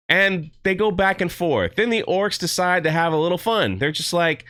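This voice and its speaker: A man's voice: sits high, normal speed, hardly any pauses, a bit bright, no echo, clean studio sound. A man reviewing a TV show in a casual vlog, sarcastic and mocking.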